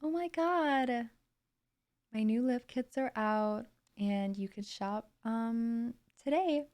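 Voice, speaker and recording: A British woman putting on a slow, nasal American Valley Girl drawl as a laid-back young female celebrity. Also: fairly high pitch, a little mellow. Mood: breezy. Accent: American Valley Girl, put on. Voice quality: nasal, drawn-out vocal fry style. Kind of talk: celebrity impression.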